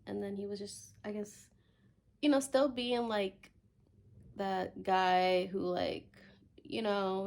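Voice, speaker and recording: A young woman rants on her vlog in a loose, chatty way, full of fillers, and slips into little acted-out quotes. Her voice sits at a middling pitch with a steady gravelly fry. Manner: chatty storytelling, filler-heavy, acts out quotes. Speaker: vlogger. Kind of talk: casual vlog rant.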